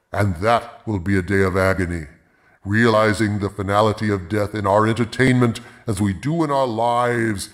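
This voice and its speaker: A man hosting a movie review in a pompous villain persona, speaking grandly of himself in the third person. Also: on the low side. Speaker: host of a movie review show. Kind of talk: theatrical villain-persona commentary.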